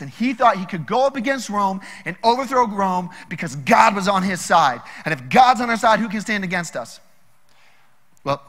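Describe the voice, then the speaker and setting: A man preaching a sermon in a casual, animated storytelling way. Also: high-pitched, big-room sound. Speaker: pastor.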